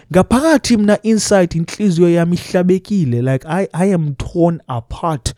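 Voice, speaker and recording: A young man with a South African accent telling a personal story in a lively, laughing, chatty way. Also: sits high, moderate pace, hardly any pauses, dry recording, clean studio sound. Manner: animated, mixing English with local phrases, laughs through the telling. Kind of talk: casual storytime monologue.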